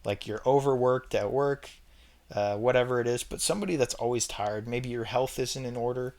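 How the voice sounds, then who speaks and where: A man's voice: medium pitch, moderate pace, darkish tone. A young man talking straight to camera in a casual opinion vlog, emphatic and repeating his points with chatty fillers. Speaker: vlogger ranking red flags.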